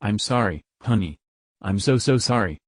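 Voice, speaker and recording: A man reading the lines of a tearful, dazed young wife in a soft, pleading way. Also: on the low side, lively intonation, normal speed, dry recording, clean studio sound. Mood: apologetic.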